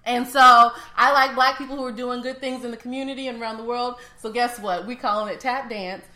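A woman co-hosting a podcast, talking in an animated, slangy casual way and laughing often. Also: a little high, a little fast. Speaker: podcast co-host. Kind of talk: casual chat. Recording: roomy echo.

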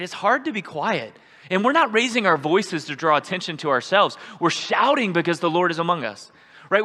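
A man preaching a sermon as pastor, conversational, often asking "right?" and breaking into shouts. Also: fairly high pitch. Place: church sanctuary. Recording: live church hall with long reverb.

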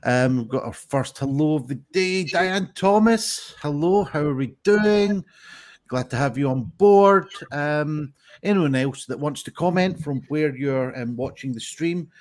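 A man hosting a live-streamed pun contest in a chatty, rambling way, with lots of ums, over a video call. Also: mid-range voice. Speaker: game show host.

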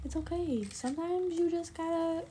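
A woman co-hosting a casual podcast chat at home by a computer, playful and teasing with deadpan jabs. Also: very high voice, normal speed, slight background noise. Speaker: podcast co-host. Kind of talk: casual chat while gaming.

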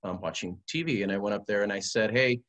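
A man with a lowish voice speaks as a podcast guest, recounting a personal story in a relaxed, conversational way. He brings the story alive by acting out dialogue, and he stays earnest throughout. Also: quick pace. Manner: earnest, animated retelling with quoted dialogue. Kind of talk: casual storytelling in an interview.

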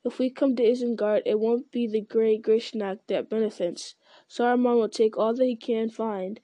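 A bold young male hobbit, voiced by a woman reading aloud, keeps a cool, matter-of-fact tone while striking a deal. The voice is slightly high and mellow, recorded close with no room sound. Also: steady tone, moderate pace, no echo, close to an everyday voice. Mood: cool, bargaining.

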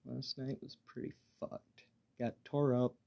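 A man hosting a casual solo podcast while high, rambling in a laid-back way, swearing freely and stammering through restarts. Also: level tone, a little slow, vocal fry, highs cut off. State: high on weed. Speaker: podcast host.

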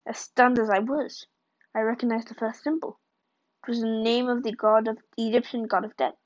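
A woman's voice: a little high, fairly even intonation, fairly quick. A woman reading a novel chapter aloud in a plain, unpolished way with occasional slips and restarts. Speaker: reader of a novel. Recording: dull lo-fi recording.

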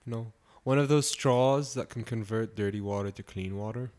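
A man's voice: on the low side, normal speed, a little mellow. Hesitant man chatting with fillers. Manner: hesitant, laughing, many fillers. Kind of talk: casual chat.

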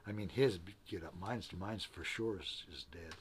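A man with a somewhat low voice tells a personal story in an easy conversational way. He is plainspoken and earnest, and he often stumbles, repeating and restarting words as he goes. A faint hiss runs under the recording. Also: normal speed. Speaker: interview guest. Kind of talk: casual spoken storytelling.

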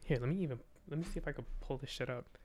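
A man's voice: medium pitch, racing, darkish tone. A young man, a podcast guest, telling a story in casual chat, swearing often and acting out dialogue.

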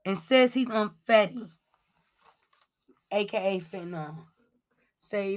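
A woman's voice: high voice, normal speed, sharp tone. A woman hosting a casual celebrity gossip commentary, talking bluntly and reading from her notes with frequent ums. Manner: swears freely and addresses viewers as y'all. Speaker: commentary show host.

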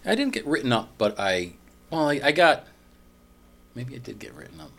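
A man from northeastern Pennsylvania co-hosts a casual chat, rambling playfully through his points. His voice rises and falls in a lively way. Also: mid-range voice, creaky. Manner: playful, rambling, quick to laugh along.

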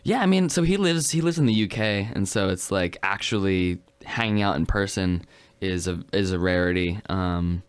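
A man from the United States talks about life on tour in a casual, unhurried way. He is modest and a little hesitant, filling pauses with ums and likes. His voice sits on the low side. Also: smooth. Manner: modest, hesitant, lots of fillers. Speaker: touring musician guest. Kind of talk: casual chat.

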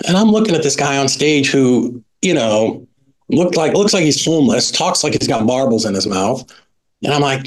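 A middle-aged man recounting a personal story as a podcast guest. He talks casually and animatedly, leaning on "like" and "right?" as he goes. His voice sits at an ordinary middle pitch. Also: normal speed. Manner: lively anecdotal telling with frequent "like" and "right?".

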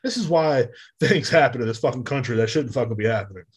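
Profane, husky-voiced man ranting. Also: mid-range voice, animated, fast. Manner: loud, profane, exasperated ranting. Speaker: podcast host. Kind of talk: profane comedic rant. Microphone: podcast mic.

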